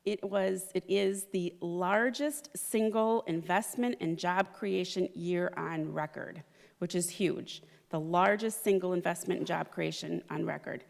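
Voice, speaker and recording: A woman presiding over a city council meeting, hoarse from losing her voice, reading an upbeat list of the year's accomplishments. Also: fairly low pitch, darkish tone. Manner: reads a long list of figures, upbeat. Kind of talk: council meeting year-in-review remarks. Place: council chamber. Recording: reverberant council chamber.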